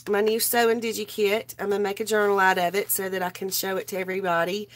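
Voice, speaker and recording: A woman's voice: mid-range voice, little pitch movement, fast. Sick woman chatting on a craft livestream. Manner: rambling, greets viewers by name. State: sick, voice strained. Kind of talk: casual live chat while crafting.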